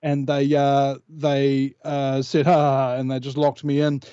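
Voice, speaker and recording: A man's voice: mid-range voice, completely flat delivery, unhurried, dark tone, clean tone, no room sound. New man, dull lo-fi call. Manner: rambling storyteller, many hesitations. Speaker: guest. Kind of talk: casual interview chat.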